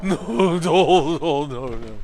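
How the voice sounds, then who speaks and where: A man's voice: a little high, lively intonation, extremely slow, a little mellow, slight background noise, pitched above the performer's own voice, exaggerated voice. A man voicing a timid, bashful male warrior who mumbles refusals and giggles. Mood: whiny.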